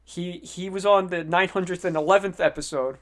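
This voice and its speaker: High-voiced young man, animated chatter. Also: a little fast. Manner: animated, stammering restarts, acts out quoted voices. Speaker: podcast co-host. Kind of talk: casual chat.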